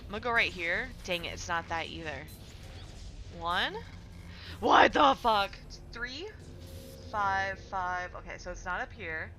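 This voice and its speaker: A woman's voice: medium pitch, lively intonation, a little slow, long pauses, bright, forceful tone, faint music behind. A young woman streaming a game from home, chatting casually and loosely, swearing often and rambling through fillers as she answers her chat. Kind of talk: casual live-stream chat while gaming.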